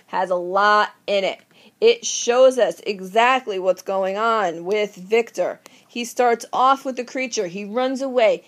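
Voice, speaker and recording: Theatrical woman teacher lecturing. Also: fairly high pitch. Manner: lively, theatrical, asks the class questions. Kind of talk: recorded literature lecture.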